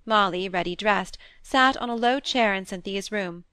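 A woman narrating a classic novel in a measured, even storytelling manner. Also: mid-range voice, smooth, no room sound. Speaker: audiobook narrator.

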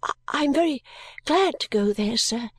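A woman's voice: high-pitched, lively intonation, unhurried, slightly rough, dry recording, studio quality, voice pushed up, full character voice. A woman doing a timid, stammering young girl. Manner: hesitant, stammering.

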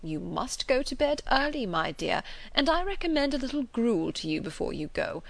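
A woman reading the part of a fussy, anxious elderly gentleman who dotes on his daughter, in a gently fretful way. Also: fairly high pitch, very animated, moderate pace, creaky, pitched above the performer's own voice. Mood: fretful fondness.

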